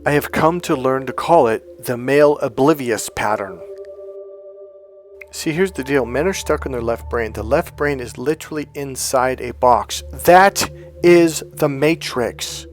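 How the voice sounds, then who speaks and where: A man's voice: medium pitch, unhurried. A man with a mid-range voice tells a story as a dating coach, blunt and emphatic. He swears freely and hammers his points home by repeating words. Faint music sits behind him. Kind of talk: storytelling monologue.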